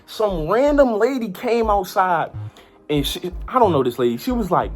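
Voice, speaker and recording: Young female vlogger, casual storyteller, very lively swooping delivery, everyday mid-range voice. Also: mid-range voice, normal speed, soft background music. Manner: animated, lots of "like" and repeated phrases.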